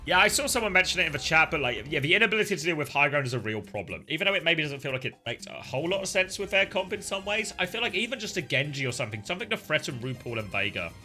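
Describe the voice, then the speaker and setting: A man casting live esports, shifting between excitable play-by-play and chatty analysis full of fillers. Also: fairly high pitch, rapid-fire, few pauses, faint music behind. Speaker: esports caster.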